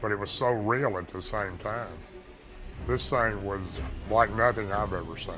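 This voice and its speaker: A man's voice: fairly low pitch, moderate pace, over music, low-quality recording. A man telling his own eyewitness encounter story in a rambling, earnest way. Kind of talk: first-person encounter story.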